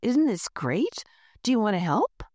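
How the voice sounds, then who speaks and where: A woman's voice: mid-range voice, sing-song, unhurried, a little mellow, no room sound, studio quality. A woman doing a cheerful, proud baker machine. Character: cheerful male furnace-turned-baker machine.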